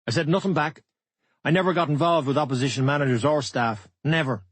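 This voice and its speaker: Husky man reading a blunt memoir. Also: on the high side, brisk, no room sound. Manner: blunt, plain-spoken, matter-of-fact. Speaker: audiobook narrator. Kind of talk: first-person memoir audiobook reading.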